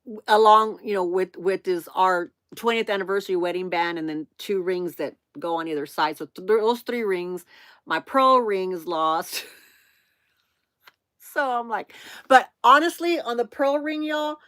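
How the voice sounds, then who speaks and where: Bright-voiced chatty woman in her fifties. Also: mid-range voice, unhurried, no echo. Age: 50s. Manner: chatty, laughs often, addresses viewers as "y'all". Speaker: vlog host. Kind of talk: casual storytelling to viewers.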